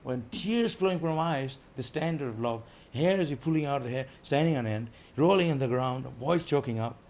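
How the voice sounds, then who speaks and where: Animated man giving an informal talk. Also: medium pitch, normal speed. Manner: animated, rising loud for emphasis, chuckling. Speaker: visiting speaker.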